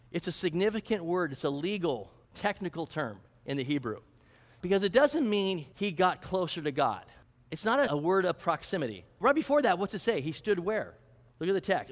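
A male pastor with a high voice delivers a sermon, putting questions to his congregation. The sound carries a long reverb, like a church hall. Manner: teaching, asks the congregation questions.

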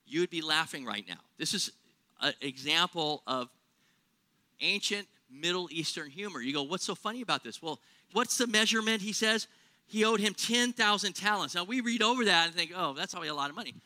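A man's voice: high-pitched, sharp tone. A man preaching a sermon in a conversational way, asking rhetorical questions and exaggerating for humor. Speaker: pastor.

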